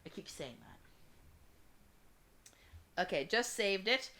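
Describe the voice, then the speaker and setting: A woman's voice: mid-range voice, expressive, takes it slowly, gravelly, sharp tone. A woman playing a visual novel, reading the narration aloud with restarts and self-corrections, and breaking into candid, joking asides.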